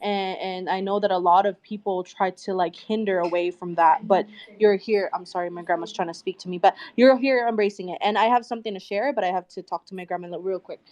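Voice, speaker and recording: A woman's voice: medium pitch, fairly even intonation, brisk, darkish tone. A woman in a live audio chat, chatty and effusive, and self-conscious about how she says names. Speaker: audience speaker.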